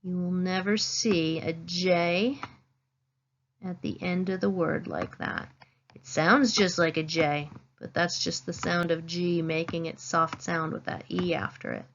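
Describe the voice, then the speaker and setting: A woman teacher giving a phonics lesson, saying each word slowly and clearly and stressing it. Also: on the low side, steady tone, lo-fi sound, a little hiss or hum. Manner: slow, clear teacherly dictation, stressing words.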